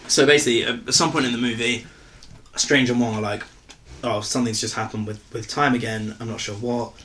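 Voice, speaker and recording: A man's voice: medium pitch, steady tone, fairly quick, pushed and bright, slight background noise. A man co-hosting a comedy podcast in casual chat, explaining plot points at length with restarts and laughs. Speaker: podcast co-host.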